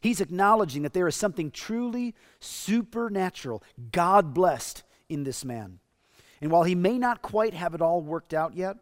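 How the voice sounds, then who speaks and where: Earnest male preacher, fairly high voice. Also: big-room sound. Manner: earnest, emphatic preaching with paraphrased quotes. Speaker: pastor. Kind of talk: sermon.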